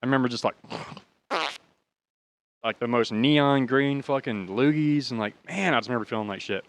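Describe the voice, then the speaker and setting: A man casually recounting a story on his own show, rambling and swearing freely as he goes. His delivery is loose and animated, full of restarts and asides, and his pitch sits in an ordinary middle range for a man. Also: normal speed. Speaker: podcast host, drummer.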